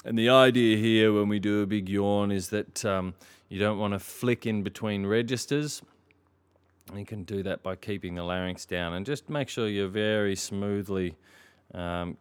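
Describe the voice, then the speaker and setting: Relaxed man coaching a singing lesson. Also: deep voice, clear, resonant tone. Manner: relaxed, encouraging, demonstrates yawny sung scales. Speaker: vocal coach. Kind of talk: singing lesson with vocal exercises. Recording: piano accompaniment loud behind the voice.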